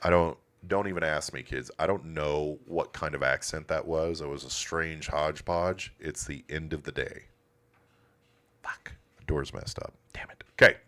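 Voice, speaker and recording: With an extremely low, steady voice that is bright and forceful, a man hosts a classic car livestream from his auto shop at a moderate pace with few pauses. His casual commentary is blunt, profane and laid-back.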